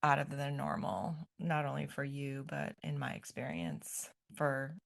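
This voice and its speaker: A middle-aged woman, a grandmother, talking as a podcast guest in a gentle, thoughtful way, often pausing to find her words. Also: rumbling low, expressive, gravelly. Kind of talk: reflective podcast conversation.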